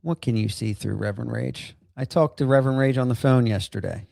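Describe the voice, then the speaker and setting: Gravelly-voiced man rambling on a livestream. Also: medium pitch, brisk, a little mellow, dry recording, clean studio sound. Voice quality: gravelly, creaky. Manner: rambling with many fillers and laughs. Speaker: livestream host. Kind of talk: casual rambling livestream chat.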